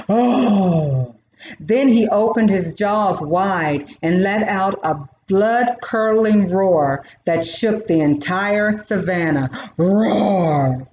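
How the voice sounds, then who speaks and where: A woman reading a children's storybook aloud in a slow, expressive way. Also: mid-range voice, a little hiss or hum. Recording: roomy, dull recording.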